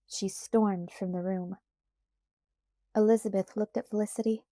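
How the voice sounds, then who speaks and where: A woman narrating a children's audiobook in a calm, even storytelling voice. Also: medium pitch, measured pace, pauses often, no echo, studio quality. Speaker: audiobook reader. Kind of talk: scripted narration.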